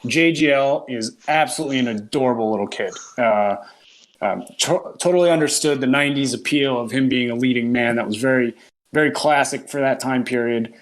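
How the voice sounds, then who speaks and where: A man's voice: medium pitch, a little fast. A man co-hosting a casual film podcast, retelling a movie's plot with amused, laughing disbelief. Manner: animated storytelling, laughing at the film. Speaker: podcast co-host reviewing films. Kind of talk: casual chat.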